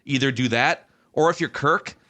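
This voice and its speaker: A man hosts a football podcast and tells a rambling, self-mocking story. His voice is bright and tense, pitched in the middle range. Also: normal speed. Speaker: podcast host. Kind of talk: casual sports talk.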